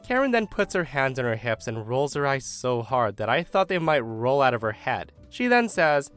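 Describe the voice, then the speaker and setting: A man narrating online stories aloud in an expressive storytelling manner. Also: mid-range voice, moderate pace, few pauses, clean tone, soft background music.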